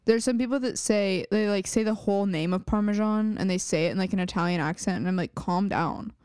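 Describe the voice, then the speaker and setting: A woman's voice: medium pitch, fast, a little mellow, smooth, dry recording, clean studio sound. A young woman co-hosting a podcast in casual chat, easygoing and wry with plenty of fillers. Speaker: podcast co-host.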